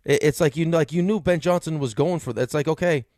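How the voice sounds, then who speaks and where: A man's voice: a little high, darkish tone, no echo, clean studio sound. A man with a New York accent hosting sports radio, rambling through casual sports talk with lots of fillers. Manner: rapid, rambling with many fillers.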